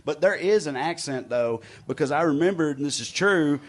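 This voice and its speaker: A man's voice: fairly high pitch, animated, normal speed. Swearing, laughing male podcast co-host. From Kansas. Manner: loose storytelling, swears a lot, laughs often. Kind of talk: casual comedy chat.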